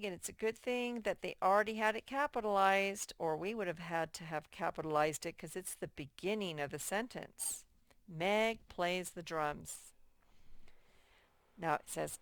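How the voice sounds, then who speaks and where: Woman, first-grade teacher, slow patient delivery, smooth clear voice, dry close recording. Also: lowish voice, fairly bright tone, no echo. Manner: slow, patient, repeats key points, reads examples aloud very slowly. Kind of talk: recorded workbook lesson for children.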